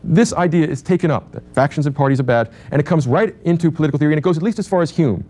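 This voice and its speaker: Man, university lecture, very fast talker, warm dark voice, restarts mid-thought. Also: fairly high pitch. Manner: thinks aloud, with restarts and asides. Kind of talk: university lecture on political theory.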